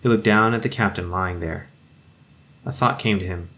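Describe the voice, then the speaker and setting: A man reading a war story aloud in a measured, solemn way. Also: low voice, fairly bright tone. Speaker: narrator. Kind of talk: audiobook reading.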